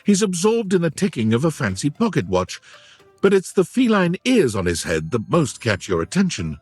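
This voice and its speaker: A man reading scripted, measured descriptive narration in a video game. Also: fairly high pitch, huge pitch swings, darkish tone, breathy edge, no echo, faint music behind, full character voice.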